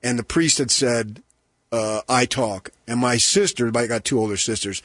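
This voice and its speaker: A man hosting a sports radio show, telling animated stories and doing loud, high impressions of his mother. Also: moderate pace, no echo. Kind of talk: casual storytelling on radio show.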